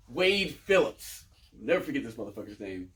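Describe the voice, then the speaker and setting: A man, a professional wrestler telling a profane story in a casual interview, loud, laughing and acting out the quotes. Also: very animated, a little slow, distant mic. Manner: loud, laughing, acts out quotes with big pitch jumps.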